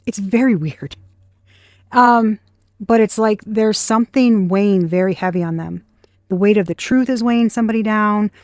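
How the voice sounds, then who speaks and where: Woman, tarot reader, casual, blunt, swears a lot, mid pitch, dry sound. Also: moderate pace, darkish tone, no echo. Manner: blunt, swears freely, scornful asides. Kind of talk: casual tarot reading to camera.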